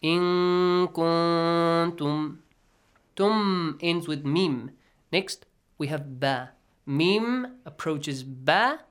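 A man teaches a classroom tajweed lesson, patiently checking that students follow, often asking "okay?" and slipping into near-whispered asides between recited phrases. His voice is a little high, expressive and fairly bright, and very slow.

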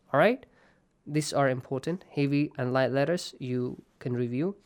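A man's voice: mid-range voice, normal speed, a little mellow. A man teaching tajweed rules in an online Quran lesson, patiently quizzing his students.

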